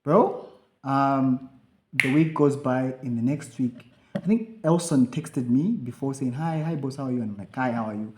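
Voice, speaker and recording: Medium in pitch and measured in pace, this young man is co-hosting a podcast and recounting a story casually. He brings it to life by animatedly quoting himself and others, in a room with noticeable echo.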